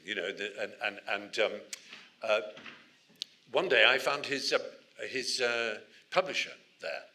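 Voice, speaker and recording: An Englishman giving an animated, digressive talk to a university society audience, often restarting his sentences. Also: lowish voice. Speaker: guest speaker.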